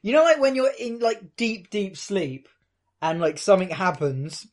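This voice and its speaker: A man's voice: sits high, very animated, normal speed. A young man, casually telling a long story to friends and acting out the quotes.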